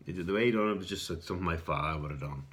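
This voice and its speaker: A middle-aged Irish man telling a rambling personal story in a casual vlog, repeating words and clearing his throat now and then. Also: sits low, racing, fairly bright tone. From Ireland. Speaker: video response storyteller.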